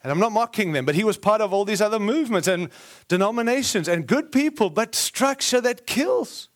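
A man's voice: high-pitched, animated, a little fast. A man preaching a sermon, telling a family story with acted quotes, frequent asides and self-corrections.

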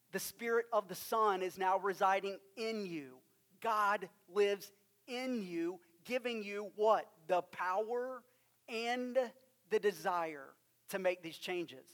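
A man with a West Texas accent preaching a sermon, emphatic, with drawn-out stresses and rhetorical questions. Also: high-pitched, a bit bright. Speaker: pastor.

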